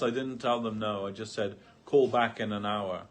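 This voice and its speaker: A man's voice: on the low side, fairly even intonation, moderate pace, few pauses. A man speaking at a devotional gathering, telling a long anecdote through many quotes, with frequent fillers and restarts. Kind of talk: storytelling talk.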